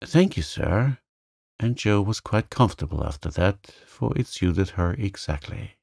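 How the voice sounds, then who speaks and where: A man reading a bedtime story aloud in a gentle, soothing, calm way. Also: deep voice, normal speed, gravelly, dry recording, studio quality. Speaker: narrator.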